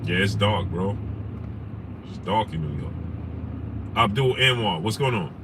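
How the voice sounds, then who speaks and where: Sitting in a noisy car, a sports talk show host speaks a little slowly in a fairly low voice. He rants animatedly through casual live-stream commentary, reading names from the chat and asking the same rhetorical questions over and over.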